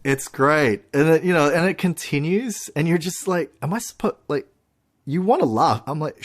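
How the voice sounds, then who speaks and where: Lively man chatting on a podcast. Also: on the high side, moderate pace. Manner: animated, laughing, many restarts. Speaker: podcast co-host. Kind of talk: casual chat. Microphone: podcast microphone.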